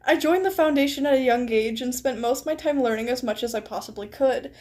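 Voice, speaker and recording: A mild, self-effacing male doctor who downplays himself, read by a woman. Her own high voice stays light and plain. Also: fast, a little mellow, close to an everyday voice. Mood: modest. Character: modest, soft-spoken man, head of psychology.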